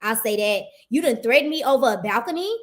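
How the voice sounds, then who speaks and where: A woman's voice: fairly high pitch, animated, quick pace. A woman giving casual reaction commentary on a video, indignant and ranting.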